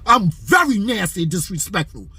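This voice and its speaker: A man's voice: high voice, very animated, moderate pace, pushed and bright, husky, no room sound. A man hosting a boxing commentary channel, delivering a heated, profane opinion rant to camera. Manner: heated, aggressive, repetitive and profane.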